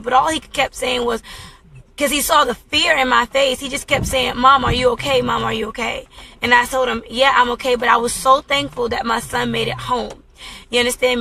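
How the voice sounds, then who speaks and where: A woman's voice: high voice, bright, forceful tone, rough recording. A woman in her thirties hosting a talk radio show, telling a personal story in an earnest, exclaiming way. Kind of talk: casual talk radio monologue.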